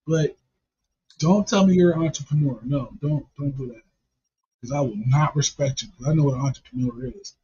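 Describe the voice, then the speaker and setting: A man who talks low and soft in a flat, monotone way, riffing crude jokes in casual banter. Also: slightly rough. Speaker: comedic podcast co-host. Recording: dull lo-fi recording.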